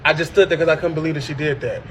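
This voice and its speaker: A man telling a personal story in casual chat, animated and profane, with sudden high shrieking impressions. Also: racing, a little hiss or hum. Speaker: podcast host.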